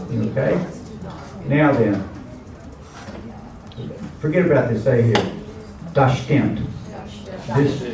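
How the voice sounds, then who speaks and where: A man teaching a language class in a chatty way, repeating words and explaining them with asides. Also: fairly high pitch. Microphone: camera mic at a distance. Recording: very echoey room, distant camera mic.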